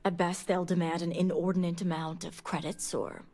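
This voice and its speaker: A woman plays a secretive noble elder in a game. Her voice sits low and stays measured and formal, with a breathy edge. She sounds like someone guarding classified matters. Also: flat delivery, dark tone, natural voice. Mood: stern. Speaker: game character.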